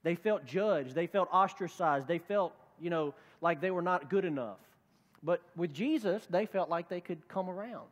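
A man's voice: sits high, moderate pace, in a large hall. A male pastor preaching a conversational sermon, acting out the voices of the people he quotes. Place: church sanctuary.

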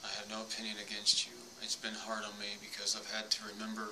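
A man's voice: lowish voice, monotone, fast talker, sharp tone, a little hiss or hum. A man earnestly addressing his late mother during an EVP recording, apologizing and pleading for a response. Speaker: paranormal investigator.

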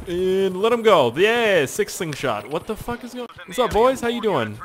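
High-pitched and swinging widely in pitch, this young man talks at a normal speed. He's a Canadian YouTuber giving loose, rambling commentary on his game, swearing a lot and letting out yelps and shouts at it.

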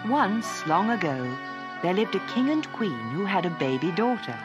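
Expressive woman reading a children's fairy tale. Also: lowish voice, normal speed, music in the background. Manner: expressive, lilting storytelling. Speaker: storyteller. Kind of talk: scripted narration for children.

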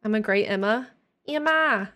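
Woman streamer, casual chatty gameplay talk, playful, mid-pitched voice, soft music underneath. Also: lively intonation, moderate pace. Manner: playful, chatty, reacting to viewers. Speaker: livestreamer. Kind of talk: casual live-stream chat while playing. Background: faint game music.

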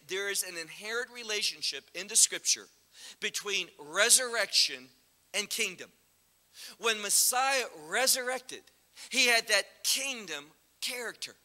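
A man's voice: sits high, bright, forceful tone. A man preaching a sermon as a guest speaker, teaching from scripture and asking the congregation rhetorical questions. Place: church sanctuary. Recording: long reverb of a church hall.

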